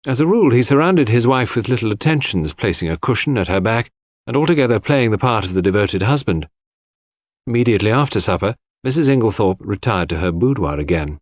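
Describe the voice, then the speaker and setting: A man reading a classic mystery aloud in measured, expressive narration. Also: on the low side, no echo, studio quality. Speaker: audiobook narrator.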